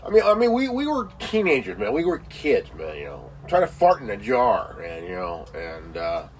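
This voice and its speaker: A man's voice: fairly low pitch, wildly swooping pitch, moderate pace, distant mic, a little hiss or hum, rough recording. A man ranting casually with heavy swearing, repeating himself and leaning on fillers like "you know" and "man". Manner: crude, swearing, insulting. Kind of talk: profane casual rant.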